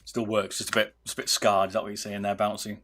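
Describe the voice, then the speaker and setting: A man's voice: on the low side, flat delivery, fast, music in the background. A British man chatting casually with viewers on a livestream while soldering, calling people "mate". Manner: chatty, talks to viewers, says "mate" a lot. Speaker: livestreamer modding gaming mice.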